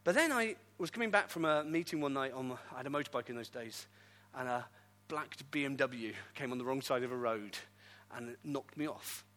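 A middle-aged man, a pastor, telling his story in a sermon with lively, self-deprecating humor. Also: mid-range voice, fairly quick, few pauses. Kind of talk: testimony sermon.

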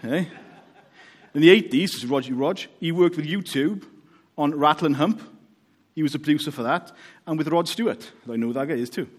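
A man's voice: fairly high pitch, a little fast. A Welsh man preaching a casual, joking sermon, often checking in with the congregation. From Wales. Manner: chatty, joking, checks in with "okay?".

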